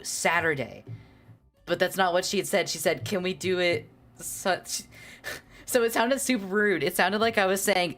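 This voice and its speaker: A streamer with a medium-pitched, slightly bright voice chats casually with viewers and reads aloud. Self-deprecating, they laugh often and trip over words.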